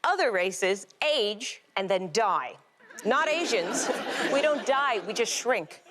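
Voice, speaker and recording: A middle-aged woman doing a stand-up routine on a TV panel show, delivering short, punchy, deadpan punchlines. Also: medium pitch, takes it slowly, a loud crowd, very noisy. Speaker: comedian. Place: TV studio with live audience. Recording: loud studio audience laughter.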